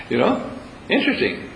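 A man's voice: mid-range voice, gravelly, reverberant, noisy background. A man leading a spiritual retreat, talking live to a room audience in a playful, teasing way. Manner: playful, teasing, acts out little scenes with voices.

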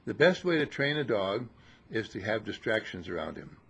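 Male spiritual teacher, gravelly husky voice, lively pitch, teasing and scolding, sermon to disciples. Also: moderate pace. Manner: teasing, scolding, mocking laughter.

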